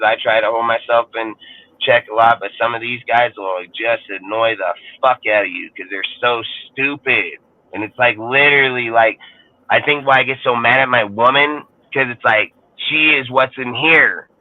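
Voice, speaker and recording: A man in his thirties rants and curses his way through a sports podcast, heated and rambling. His voice sits at an ordinary pitch and comes through a thin, phone-like line that cuts off the lows and highs. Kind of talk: ranting casual talk. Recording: tinny phone-like sound.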